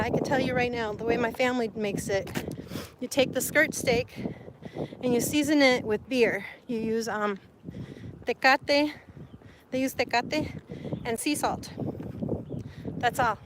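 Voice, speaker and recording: Woman from Sonora, Mexico, high voice, livestream chatter, light background hiss. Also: normal speed, long pauses. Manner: chatty, laughs often, greets viewers, mixes in Spanish words. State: sweaty and hot. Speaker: livestream vlogger. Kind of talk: casual livestream chat.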